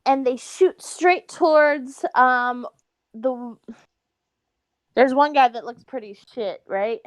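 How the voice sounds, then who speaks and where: A hesitant woman talks through her turn in a tabletop game at an unhurried pace. Her voice sits high and soft, and the recording is dry and close. She sometimes dips into a whisper for her character. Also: no room sound. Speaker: player. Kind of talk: tabletop game role-play.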